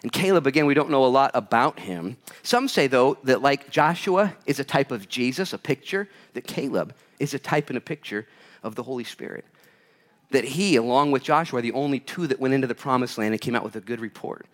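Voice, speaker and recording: Male pastor mid-sermon, mid-pitched voice, emphatic, from loud and urgent to hushed, live church audience. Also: expressive, fairly quick. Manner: emphatic, swings between loud urgent bursts and hushed quiet lines.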